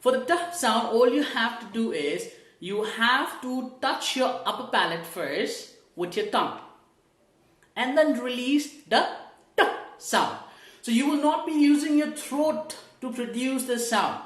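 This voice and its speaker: Teaching English pronunciation online, this woman walks learners through each step, asks rhetorical questions, and says sounds aloud for them to echo back. She's a little high-pitched with lively intonation and a measured pace, and the room is reverberant.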